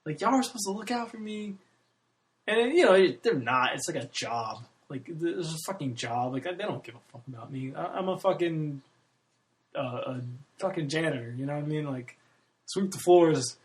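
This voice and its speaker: A man's voice: on the high side, lively intonation, moderate pace. Profane, candid man in his thirties. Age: 30s. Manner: profane, candid, laughs often. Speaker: podcast host. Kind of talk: casual rambling monologue.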